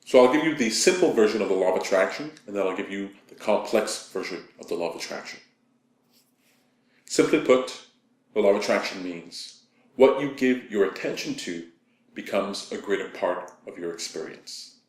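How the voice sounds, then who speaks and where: A man from Canada giving a calm, conversational motivational talk, telling stories to make his point. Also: fairly low pitch. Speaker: motivational speaker. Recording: echoey room.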